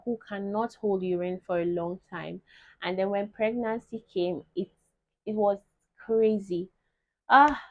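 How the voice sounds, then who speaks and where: Young woman vlogger, animated storyteller, mellow tone, dry lo-fi recording. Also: mid-range voice, no room sound. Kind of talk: casual chat to camera.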